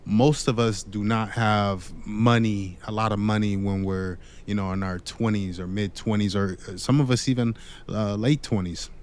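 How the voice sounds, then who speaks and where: A man delivering a measured, lecturing monologue about dating, with occasional fillers. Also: fairly low pitch, fairly even intonation, a little mellow.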